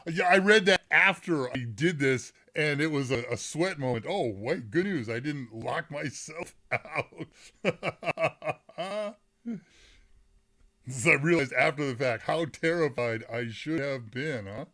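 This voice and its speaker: A man's voice: on the high side, lively intonation, takes it slowly, bright, forceful tone. Rambling, self-interrupting male tech streamer. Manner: rambling, self-interrupting, reads chat aloud, laughs often. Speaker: host of a live tech Q&A stream. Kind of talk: casual live-stream chat.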